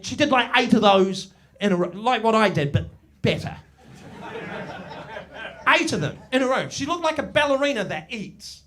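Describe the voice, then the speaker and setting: A man in his forties performing a stand-up comedy set in a village pub, swinging between booming and hushed storytelling. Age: 40s. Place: village pub before a live audience.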